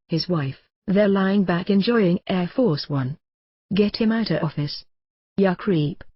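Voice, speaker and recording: A brash man narrates his own memoir in a mocking, combative rant. His voice is husky and the sound is bone-dry. The recording is a little dull and muffled. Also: high voice, no room sound. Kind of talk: audiobook narration in a ranting radio voice.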